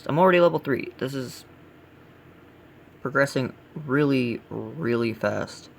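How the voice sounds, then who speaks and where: A man with a gravelly voice hosting a casual let's play, giving blunt, grumbling critique as he plays. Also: mid-range voice, measured pace, long pauses. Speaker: gaming channel host.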